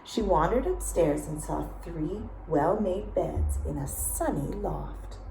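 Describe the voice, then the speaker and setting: A woman reading a children's story aloud, slow and expressive, pausing to ask the listeners questions. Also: low-pitched, creaky, a little hiss or hum. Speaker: storytime reader. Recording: echoey room.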